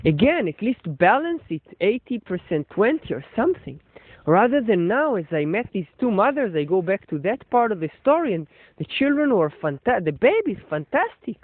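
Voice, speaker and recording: Over a dry, tinny line that sounds like a phone, a high-voiced man muses aloud in a meandering monologue, his pitch leaping and swooping as he goes. He circles his points, restarting often and leaning on fillers. He talks like a storyteller reflecting on his thoughts. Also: big pitch swings, normal speed, dry recording. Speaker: shop owner and storyteller.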